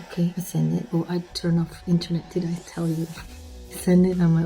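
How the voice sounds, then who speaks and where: Stressed woman with a gravelly voice, sick. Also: lowish voice, monotone, normal speed, warm tone, soft background music. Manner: candid, stressed, confiding. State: sick, coughing. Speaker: vlogger. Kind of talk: personal video diary.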